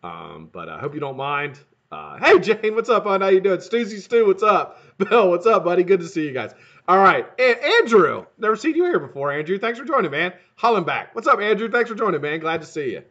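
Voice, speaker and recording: A man hosts a casual live stream, his voice pitched fairly high and swinging widely as he greets his viewers. He swears freely and calls everyone man or brother, and his voice sounds a little hoarse. The audio is dull and lo-fi. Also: big pitch swings, brisk, fairly bright tone. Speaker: livestream host.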